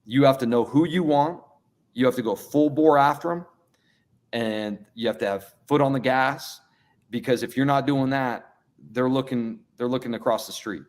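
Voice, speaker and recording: A man's voice: mid-range voice, moderate pace, a little mellow. A middle-aged man, a college basketball coach, giving earnest, plain-spoken interview answers and often repeating words as he thinks.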